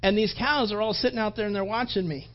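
A man preaching a sermon, telling a personal story in an animated way and acting out his own thoughts. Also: sits high, fast, highs cut off. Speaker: pastor.

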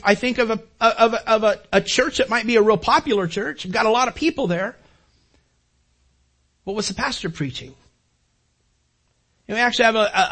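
Husky high-voiced older male preacher. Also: a bit bright. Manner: conversational, repeats words while building a point. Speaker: pastor. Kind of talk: sermon.

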